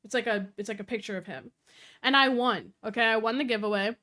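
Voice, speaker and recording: A young woman streamer talks to her chat in a fast, animated rush, swearing freely and slipping into quoted voices as she tells her stories. Her voice sits a little high and sounds bright and sharp. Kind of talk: casual live-stream chat.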